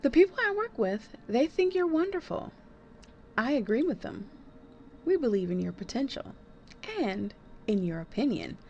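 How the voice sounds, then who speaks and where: A woman's voice: fairly high pitch, big pitch swings, normal speed, darkish tone, lo-fi sound, a little hiss or hum. A woman reading the lines of a sly, coaxing woman infiltrator in a plain reading voice. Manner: reads game text aloud plainly.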